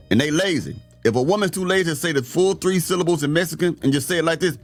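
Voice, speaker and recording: A man with a fairly high voice delivers an opinionated rant, blunt and full of slang. He talks in a preachy way. Soft music plays underneath. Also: fast, few pauses. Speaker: host reacting to clips.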